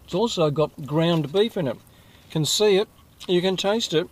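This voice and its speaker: Chatty Australian man with a higher voice. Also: moderate pace. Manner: chatty, rambling, self-correcting asides. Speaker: food reviewer vlogger. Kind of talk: casual food review to camera.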